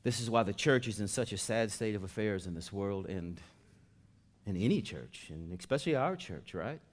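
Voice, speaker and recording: A man preaching a sermon as pastor in a conversational style, dropping to soft asides and rising to loud emphatic stretches. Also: fairly low pitch, animated, moderate pace.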